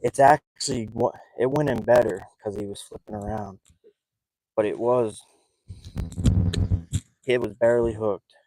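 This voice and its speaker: A man live-streaming a night fishing trip from a small boat, talking in an excited, rambling way and breathing heavily. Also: lowish voice, measured pace, long pauses, no echo, low-quality recording. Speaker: fishing vlogger. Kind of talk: live outdoor fishing vlog.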